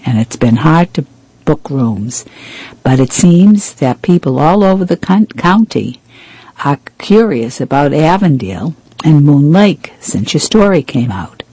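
A man reading aloud, voicing a cheerful, chatty middle-aged woman who runs an inn, in the same mellow, husky tone as his narration. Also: mid-range voice, dry recording, low-quality recording. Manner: chatty and effusive.

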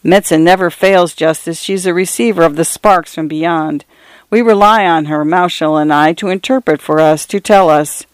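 A man voicing an excitable, dramatic middle-aged man who exclaims and falters. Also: on the high side, normal speed, smooth, no echo, close to an everyday voice. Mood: agitated.

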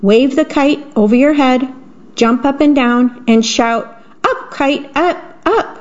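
A woman voicing a calm, patient male frog who encourages his friend. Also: high voice, slow pace, dull audio. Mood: encouraging.

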